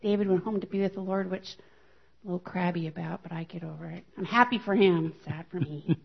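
A woman sharing a personal testimony at a church meeting, telling her story in a lively way and acting out the voices of the people in it. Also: fairly low pitch, fast, creaky, slightly rough. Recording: dull lo-fi recording.

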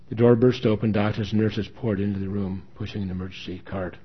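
Earnest male story narrator, low and husky; lo-fi recording. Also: fairly even intonation, a little fast, few pauses. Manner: earnest, emotional reading. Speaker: story reader. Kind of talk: dramatic first-person story narration. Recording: dull lo-fi recording.

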